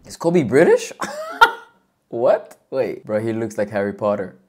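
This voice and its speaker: Low-voiced excitable woman reacting. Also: unhurried. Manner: excitable, slangy, laughs often. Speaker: reaction video host. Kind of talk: casual reaction commentary.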